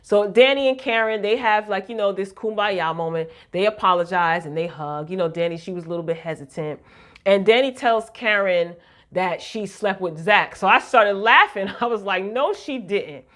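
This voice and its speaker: A woman, casually recapping a TV drama episode in a chatty, animated way with slang. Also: mid-range voice, moderate pace. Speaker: recap vlogger.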